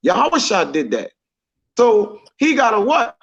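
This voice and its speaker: A man teaching from scripture, reading verses slowly and then explaining them in casual slang. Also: sits high, wildly swooping pitch, gravelly, fairly bright tone, muffled recording. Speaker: preacher.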